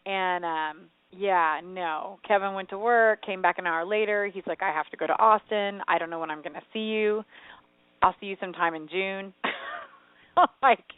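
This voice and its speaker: A woman's voice: mid-range voice, normal speed, clean tone, no room sound. Woman co-host, chatty and rambling, over a thin phone-like radio signal. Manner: chatty, rambling, animated storytelling. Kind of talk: casual chat. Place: home. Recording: tinny phone-like radio sound, dry.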